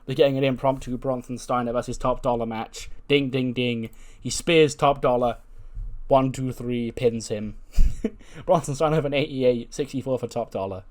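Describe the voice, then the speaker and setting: A man's voice: mid-range voice, normal speed, darkish tone. A man casually narrating his game playthrough in a chatty, wry way, full of fillers and asides. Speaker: let's play host.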